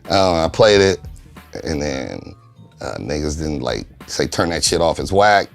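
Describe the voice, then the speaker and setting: A man co-founder of a recording studio, telling its origin story in a casual, profane, laid-back interview, getting lively when he quotes friends. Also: extremely low pitch, measured pace, gravelly, soft background music.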